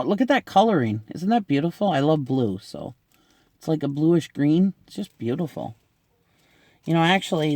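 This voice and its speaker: A man's voice: a little high, a little mellow, no room sound, clean studio sound. A middle-aged man chatting casually in an unboxing video, gushing and laughing often as he talks. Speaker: unboxing vlogger.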